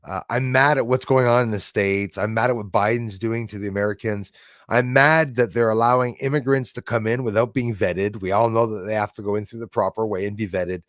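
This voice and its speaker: A man's voice: fairly low pitch, fairly even intonation, brisk, no room sound, clean studio sound. A man hosting a casual live stream from his old house, rambling, greeting viewers by name and swearing now and then. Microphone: desk microphone.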